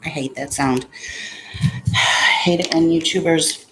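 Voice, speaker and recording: A woman's voice: deep voice, steady tone, measured pace, background noise. A woman vlogging casually at home, chatty and sarcastic, swearing when something frustrates her. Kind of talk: casual vlog chat. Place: home room with a fan.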